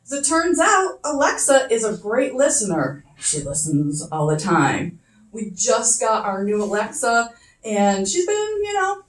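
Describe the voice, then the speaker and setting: A woman's voice: fairly high pitch, far from the mic. A middle-aged woman doing a chatty, self-deprecating stand-up set, swearing casually as she tells stories. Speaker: first-time stand-up comic. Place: comedy club stage. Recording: echoey room, voice off-mic.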